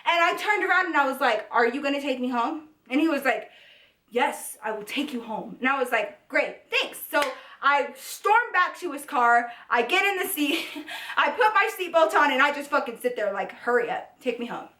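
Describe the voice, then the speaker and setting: A young woman telling a casual storytime vlog, animated and profane, her voice climbing high and loud when she is outraged. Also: normal speed, echoey room. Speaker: beauty vlogger telling a story.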